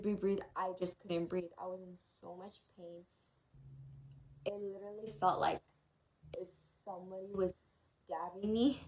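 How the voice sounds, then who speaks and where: On a muffled recording, a young woman with a lowish voice recounts a personal experience in a casual vlog. She speaks frankly and emotionally, sounding frustrated and exasperated while swearing freely.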